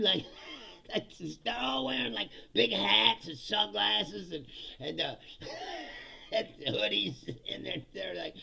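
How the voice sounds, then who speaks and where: His voice is high and bright, forceful and husky, with vocal fry, huge pitch swings, a slow pace and long pauses. He hosts a political comedy show, delivering sarcastic, swear-filled livestream rants and reading out comments from chat.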